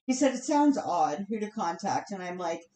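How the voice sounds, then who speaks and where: A woman vlogger rants angrily on a live stream in a warm, mid-range, sing-song voice at normal speed. She's heated, swears often, and sighs between outbursts, with a roomy echo on the recording.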